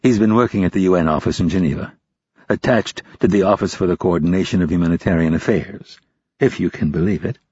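A composed young female intelligence officer, as a male narrator puts her on. She speaks coolly and precisely, with a low, husky tone. The recording is dull and dry. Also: quick pace, a little mellow, dry recording. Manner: cool, probing, businesslike.

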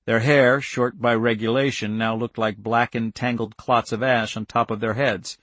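Husky male audiobook narrator. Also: mid-range voice, fairly even intonation, moderate pace, few pauses, a bit bright, no echo. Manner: dramatic, tense storytelling.

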